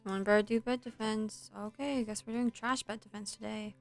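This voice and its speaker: A young woman streams a video game in a medium-pitched, fairly even voice, talking fairly quickly over soft background music. Between plays she chats casually and retells a film, scattered and full of likes and ums, swearing at the game.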